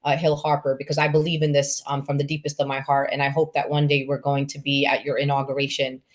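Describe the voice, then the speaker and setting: A woman's voice: rumbling low, completely flat delivery, fast. A woman from New York hosting an event, introducing the next speaker with enthusiasm and many ums. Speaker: event host.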